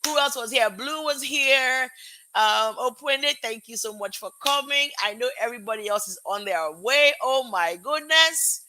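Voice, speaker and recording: A woman hosting her own live-streamed show in casual chat, bubbly and excitable, greeting viewers one by one from home. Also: a little high, moderate pace, a little hiss or hum. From Africa. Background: music playing.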